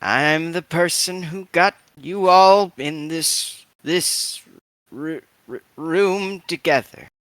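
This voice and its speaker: A man voicing a frail, shrewd old woman who stutters and speaks slowly in a tabletop game. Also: fairly high pitch, a bit bright, no room sound, voice pushed up. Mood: sly. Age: older. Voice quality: stuttering, slow voice. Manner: sly, calculating. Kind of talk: tabletop role-play voicing.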